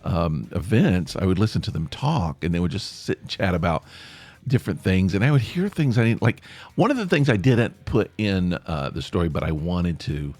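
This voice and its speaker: Podcast host, Appalachian man, low-pitched voice with lively, swinging intonation; rambling, self-correcting delivery, dry close recording. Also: normal speed, no room sound. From East Tennessee. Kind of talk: casual monologue.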